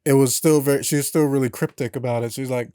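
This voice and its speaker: A man's voice: mid-range voice, fast talker, smooth, dry recording, studio quality. Laid-back man in casual podcast chat. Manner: relaxed, laughs often, swears casually. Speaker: podcast co-host.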